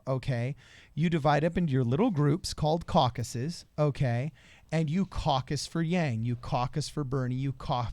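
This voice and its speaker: A man's voice: on the high side, darkish tone, dry recording. A man co-hosting a political talk show, explaining things casually and acting out quoted voices. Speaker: podcast co-host.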